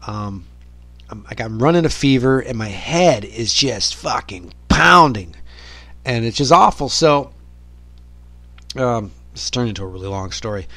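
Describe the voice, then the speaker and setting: A man's voice: medium pitch, lively intonation, measured pace, pushed and bright, dry recording. A man hosting his own podcast, ranting in a rambling solo monologue full of swearing and exasperation. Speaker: podcast host.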